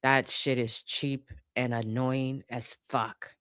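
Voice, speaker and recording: A woman's voice: rumbling low, flat delivery, takes it slowly, fairly bright tone, clear, resonant tone, no room sound, studio quality. A woman commentator in a casual opinion rant, blunt and profane, hammering her points by repeating them. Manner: emphatic, repeats points for force.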